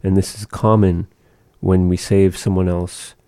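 A man's voice: low-pitched, little pitch movement, normal speed, mellow, dry recording, studio quality. A man giving a patient one-on-one language lesson, carefully modeling and repeating pronunciations. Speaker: language teacher.

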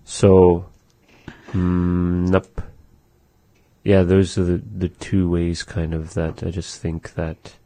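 A man teaching words of his language in a relaxed lesson, saying phrases slowly for a learner and thinking aloud with fillers. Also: low-pitched, no room sound.

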